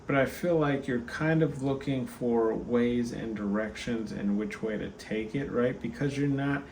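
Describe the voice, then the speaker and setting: A man hosts a casual oracle card reading, tired and chatty, full of fillers as he talks straight to his viewers. His voice sits at an ordinary middle pitch. A steady background noise runs under the recording. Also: unhurried. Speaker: tarot card reader and channel host.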